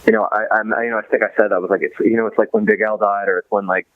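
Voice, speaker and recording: A man in his thirties, a podcast guest in casual interview chat, rambling with many fillers and restarts and swinging between excited and somber. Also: lowish voice, racing, no room sound. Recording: dull lo-fi dry recording.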